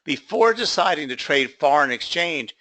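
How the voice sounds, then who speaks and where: A man's voice: on the high side, animated, normal speed, bright, forceful tone. A man teaching a trading class, telling a story and acting out both sides of a conversation with casual fillers. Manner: acts out both sides of a dialogue, casual fillers like "you know". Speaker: trading instructor. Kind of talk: class lecture told as an anecdote.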